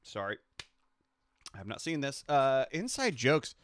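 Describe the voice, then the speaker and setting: A man's voice: mid-range voice, big pitch swings, measured pace. A man co-hosting a podcast in casual chat, rambling and trailing off into restarts, from a home setup. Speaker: podcast co-host.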